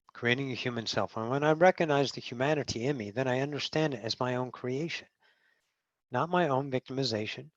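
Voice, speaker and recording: A trans woman channeling spiritual teachings in a meeting, blunt and profane, swinging from low murmurs to loud outbursts. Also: no echo. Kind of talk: channeling session talk. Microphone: video call. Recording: dull, dry video call audio.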